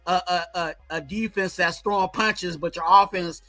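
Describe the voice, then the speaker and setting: High, bright-voiced man talking sports. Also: fairly even intonation, normal speed, dry recording, soft background music, rough recording. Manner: rambling, repeats "you know what I'm saying". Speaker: co-host. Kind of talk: casual sports talk.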